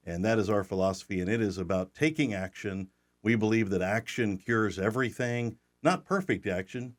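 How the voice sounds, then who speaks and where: Folksy host in his 60s, lowish voice, joking chat. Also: normal speed. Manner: folksy, joking, restarts often. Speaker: podcast host. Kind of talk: casual podcast chat.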